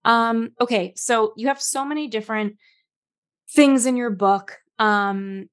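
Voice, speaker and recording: A woman's voice: a little high, measured pace. A woman hosting a podcast, chatting casually and thinking aloud, with many fillers. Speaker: podcast host.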